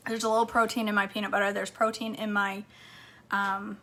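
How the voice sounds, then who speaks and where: A woman's voice: mid-range voice, little pitch movement, normal speed, pushed and bright. A woman vlogging casually from her home kitchen, chatting to viewers and her dog as she cooks. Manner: chatty, talks to her dog between steps. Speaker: cooking vlogger.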